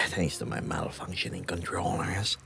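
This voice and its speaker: A man's voice: sits low, sing-song, unhurried, vocal fry, sharp tone, faint music behind. A man from the United States chatting casually on a livestream, rambling playfully and reading chat messages aloud. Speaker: VRChat streamer.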